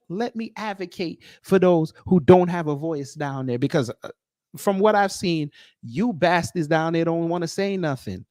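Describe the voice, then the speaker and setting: A man's voice: fairly high pitch, no echo, clean studio sound. A man delivering a heated, combative commentary rant, sarcastic and taunting. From United States. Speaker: commentary host.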